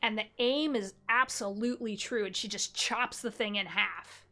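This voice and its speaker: A woman narrating a tabletop game as game master, telling scenes slowly with descriptive detail and fillers. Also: medium pitch, bright, forceful tone. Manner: slow, descriptive storytelling with fillers.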